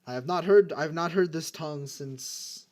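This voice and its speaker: A man's voice: on the high side, moderate pace, darkish tone, lightly acted. A man voicing an old male giant who speaks in formal, grave warnings.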